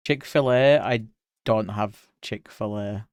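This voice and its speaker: A man's voice: on the low side, slow, clear, resonant tone, no echo, clean studio sound. A man with a British accent, an art streamer chatting casually with his viewers while he draws. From Britain. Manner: reads chat aloud and answers viewers by name, chatty. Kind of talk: casual livestream chat while drawing.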